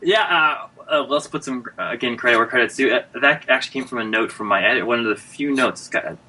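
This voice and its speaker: A man's voice: medium pitch, fast talker, sharp tone, rough recording. A man who writes comics, a guest in a casual podcast interview, talking in a joking, self-deprecating way with lots of restarts.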